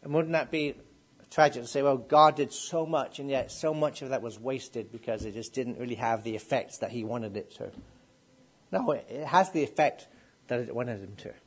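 A man's voice: medium pitch, normal speed, breathy edge. A middle-aged man preaching a sermon. He asks the congregation questions and builds up to emphatic declarations.

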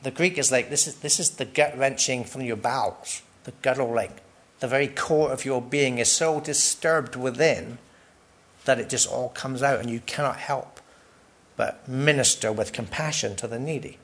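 A man's voice: medium pitch, normal speed, a bit bright. A man preaching a sermon in a conversational way, asking the congregation questions, tagging "right?" onto his points and laughing lightly between phrases.

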